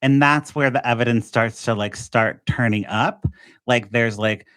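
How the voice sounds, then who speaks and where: A man's voice: mid-range voice, measured pace, fairly bright tone, clear, resonant tone. A man co-hosting a casual podcast about TV movies, rambling and filling his sentences with "like". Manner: rambling, heavy use of "like". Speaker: podcast co-host, TV movie expert. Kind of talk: casual chat.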